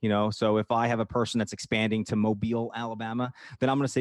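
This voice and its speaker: A man's voice: medium pitch, steady tone, fast, few pauses, a little mellow, no room sound. A man with a Northeast Philadelphia accent co-hosting a business podcast in casual chat, rambling and repeating words as he talks. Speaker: podcast co-host.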